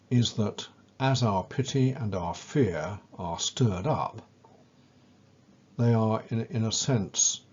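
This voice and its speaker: A man giving a measured, scripted lecture and leaning on key words as he explains ideas. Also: on the low side, a little mellow, husky, muffled recording.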